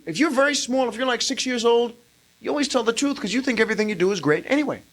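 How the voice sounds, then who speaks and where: A man in his thirties performing a live stand-up routine, with an animated, exaggerated delivery and acted-out quotes. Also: extremely high pitch, quick pace. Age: 30s. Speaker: stand-up comedian. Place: comedy club stage with audience. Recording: hissy early-1980s live club recording.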